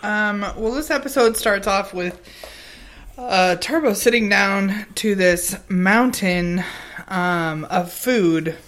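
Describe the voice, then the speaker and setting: A woman co-hosting a podcast, talking in an easygoing, halting way. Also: mid-range voice, a bit bright. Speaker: podcast co-host. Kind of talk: casual chat.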